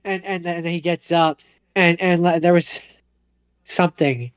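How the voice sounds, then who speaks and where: A man's voice: on the high side, clear, resonant tone, no room sound, highs cut off. A man co-hosting a podcast, casually retelling a movie plot and briefly acting out its characters. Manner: animated retelling, acting out characters in quick impressions. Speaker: podcast co-host.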